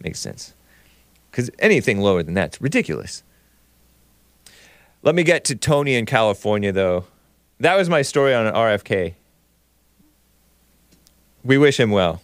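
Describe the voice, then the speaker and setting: A man's voice: medium pitch, animated, normal speed, long pauses, dry recording. A man hosting a call-in talk show, joking and laughing often as he chats. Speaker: radio show host.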